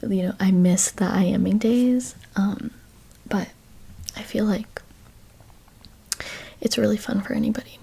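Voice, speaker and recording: A woman's voice: medium pitch, creaky, dark tone, slightly rough. A woman in her twenties whispering a rambling chat ASMR video, full of fillers and "like"s, in a whispered role-play style. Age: 20s. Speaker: ASMR YouTuber.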